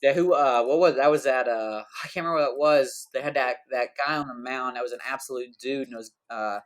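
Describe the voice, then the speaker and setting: A man of middle pitch hosts a relaxed podcast conversation. He rambles, tosses in slang, and circles back with fillers and restarts as he thinks aloud. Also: fast talker. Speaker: podcast host. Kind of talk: casual podcast chat.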